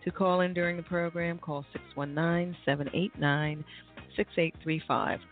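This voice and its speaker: A woman hosting a radio show, reading the break and sponsor details in a measured, announcer-like way. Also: on the low side, steady tone. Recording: tinny phone-like line with faint music.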